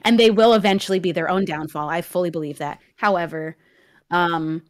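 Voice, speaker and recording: A young woman joining a stream chat as a guest, speaking earnestly and firmly in a soft voice. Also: lowish voice, steady tone, brisk. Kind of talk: casual chat.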